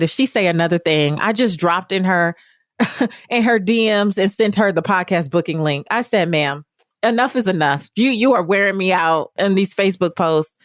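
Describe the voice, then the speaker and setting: A woman's voice: lowish voice, no echo, clean studio sound. Enthusiastic woman hosting a podcast. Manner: effusive, enthusiastic, rambling. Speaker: podcast host. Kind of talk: podcast intro and interview chat.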